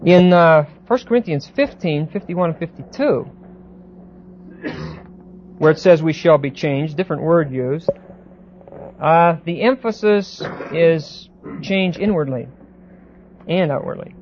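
A man lecturing a Bible class, pausing and repeating words and often checking that students follow. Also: a little high, lively intonation. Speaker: Bible teacher. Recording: dull lo-fi recording with faint hiss.

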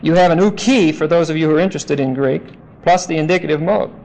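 Higher-voiced man preaching emphatically. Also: a little mellow, low-quality recording. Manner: emphatic, explanatory, deliberate phrasing. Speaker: pastor. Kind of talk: expository Bible teaching sermon.

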